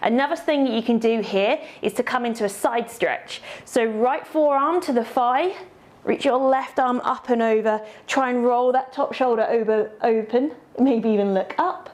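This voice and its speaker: High-voiced yoga teacher, woman. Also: moderate pace, a little mellow. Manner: encouraging, cueing poses step by step. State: slightly out of breath. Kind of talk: instructional yoga class.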